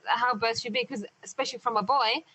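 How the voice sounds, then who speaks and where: A woman's voice: on the high side, steady tone, a little fast, sharp tone, husky, low-quality recording. A woman hosting an interview, speaking casually and hesitantly with many fillers and restarts. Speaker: podcast host and interviewer.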